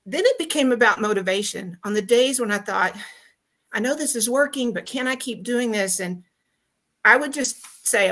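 A woman's voice: fairly high pitch, expressive, moderate pace, a bit bright. Earnest woman caller on a video call. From Texas. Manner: earnest, grateful, many ums and restarts. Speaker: guest caller. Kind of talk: heartfelt testimonial on a podcast call.

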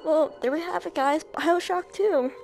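Woman gamer, high gravelly voice, rambling emotional commentary, game music loud behind. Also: unhurried, low-quality recording. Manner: emotional, rambling, many fillers. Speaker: video game streamer. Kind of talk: casual let's-play commentary. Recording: game music playing under voice.

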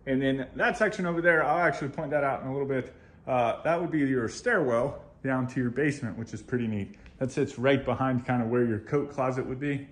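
A man's voice: mid-range voice, fairly quick. A man hosting a home tour video, walking around a model house and gushing over its features in a chatty, upbeat way. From United States. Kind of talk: enthusiastic home tour walkthrough.

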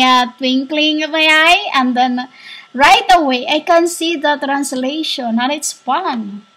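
A woman speaks slowly into a laptop microphone, giving a drifting spiritual monologue. She halts often, searching for her words between long pauses. Her voice sits high. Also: sharp tone, low-quality recording. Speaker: self-styled spiritual speaker. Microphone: laptop built-in microphone.

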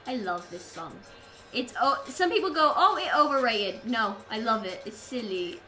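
An Australian woman streamer talks playfully to her chat while gaming, her voice a touch high and congested from a blocked nose. Faint game music runs softly behind her. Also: sing-song, moderate pace, rough recording. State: stuffed-up nose from a cold.

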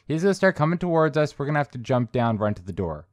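A man's voice: medium pitch, very animated, fast talker, no echo. A man hosting a let's play video, rambling and joking as he comments on a horror game. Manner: joking, rambling, mock voices for characters. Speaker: gaming channel host.

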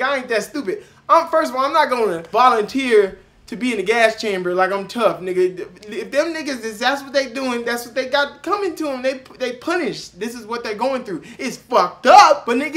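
A young man doing loud, mocking reaction commentary, cursing and breaking into shouting laughs. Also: very high-pitched. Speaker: reaction video host.

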